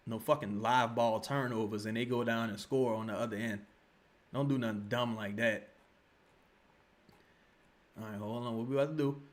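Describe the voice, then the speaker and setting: A man, streaming live basketball commentary, excitable and swearing, erupting into shouts and then dropping to low muttering. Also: moderate pace, long pauses. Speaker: sports streamer reacting to a live game.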